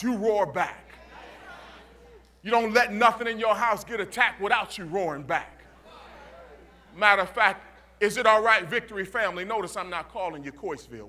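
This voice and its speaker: A pastor from Youngstown, Ohio, preaching a call-and-response sermon in a church that builds to shouts. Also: male voice, sits high.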